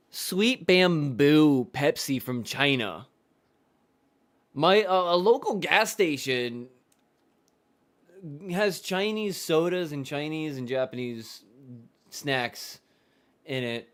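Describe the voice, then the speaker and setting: A man streaming a casual live reaction to a football game, chatting loosely and trailing off into restarts as he goes. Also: a little high.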